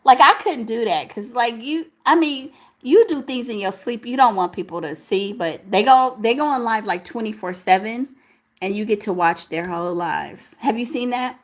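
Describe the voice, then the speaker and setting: On a late-night livestream, a young host alone at home chats casually and goes through viewer comments. Her voice sits on the high side with lively intonation and a moderate pace, yet it's tired and crackling, and she sounds sleepy and speaks in slang.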